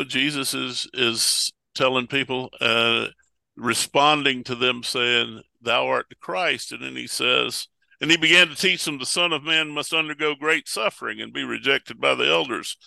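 A pastor talking over preaching texts in casual conversation, a folksy storyteller who acts out the voices of Bible figures. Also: male voice, mid-range voice, measured pace, creaky, sharp tone, no room sound.

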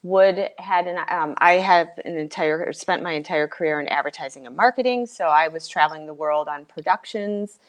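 As a guest, a middle-aged woman with a low-pitched voice shares her personal experience in an earnest, halting way, full of fillers and false starts.

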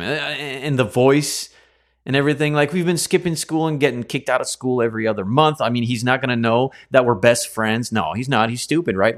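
A man teaching a Bible study, telling a story in a casual, rambling way with chatty asides and self-corrections. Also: medium pitch.

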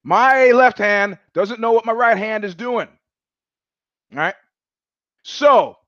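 A man's voice: sits high, slow pace, long pauses, fairly bright tone, no echo, muffled recording. A man hosting his own live show, telling a long story in a rambling way, full of restarts and quoted asides. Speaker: show host. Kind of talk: casual livestream monologue.

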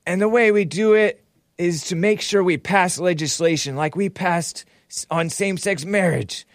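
A man putting on a rambling, halting impression of an elderly male politician. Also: high-pitched, no room sound, studio quality, pitched above the performer's own voice.

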